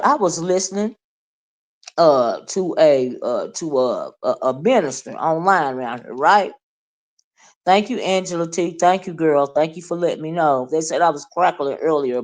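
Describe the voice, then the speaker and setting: A woman hosting a casual livestream, chatting with viewers, greeting them by name and asking "right?" often. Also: sits low. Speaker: livestream host.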